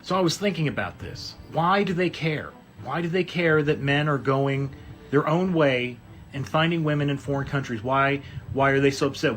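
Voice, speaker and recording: A man's voice: a little high, a bit bright, slight background noise. Man asking rhetorical questions. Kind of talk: voiceover commentary.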